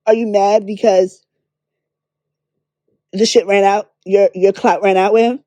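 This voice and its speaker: Blunt, outspoken woman with a mellow voice. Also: mid-range voice, steady tone, unhurried, no room sound. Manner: blunt, candid, swears freely. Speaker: beauty drama commentator. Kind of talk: casual commentary vlog.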